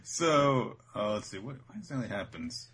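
A man's voice: mid-range voice, big pitch swings, moderate pace, a crowd in the background. A man co-hosting a podcast, casually recapping an episode in a rambling way and laughing often. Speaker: podcast co-host.

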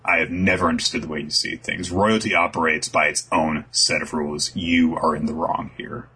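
A man's voice: rumbling low, steady tone, moderate pace, sharp tone, a little hiss or hum, exaggerated voice. A man voicing a cold, arrogant prince who speaks in a dismissive way.

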